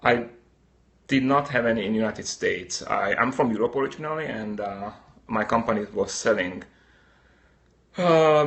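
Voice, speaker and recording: Middle-aged male streamer, Slovak-Hungarian accent, somewhat low and gravelly, casual and upbeat. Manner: chatty, answers viewer comments, upbeat. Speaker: livestream host. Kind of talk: casual live-stream chat.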